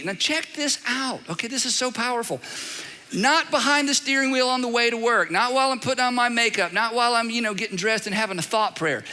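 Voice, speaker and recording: A middle-aged man preaching a sermon from a church stage, emphatic and animated, with dramatic repetition. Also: very high-pitched, moderate pace. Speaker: pastor. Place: large church auditorium. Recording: long reverb of a large hall.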